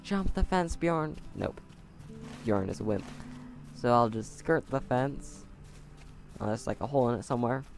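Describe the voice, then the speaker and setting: A man's voice: mid-range voice, animated, moderate pace, long pauses, soft background music. A man playing a video game at home and talking through it on a close mic, chatty and sarcastic with wry asides. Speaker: game player. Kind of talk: let's play commentary. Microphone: close desk mic.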